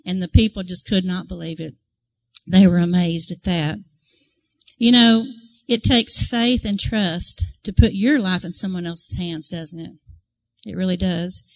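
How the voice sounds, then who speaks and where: A woman's voice: medium pitch, poor audio. A woman giving a devotional talk to a church group, telling a story earnestly and acting out the crowd's reactions. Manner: earnest, conversational, asks the audience questions. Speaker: women's ministry speaker.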